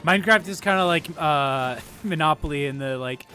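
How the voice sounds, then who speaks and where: A man's voice: on the high side, moderate pace, sharp tone, faint music behind. A man hosting a casual live-stream chat, asking his friends questions with hesitant fillers. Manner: hesitant, asks the others questions.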